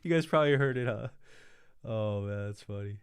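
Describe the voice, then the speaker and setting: A man hosts a casual livestream in a clear, resonant, fairly low voice, speaking fairly quickly. The sound is clean studio audio with no echo, and he reads viewer comments aloud, laughs often, and thanks his viewers effusively.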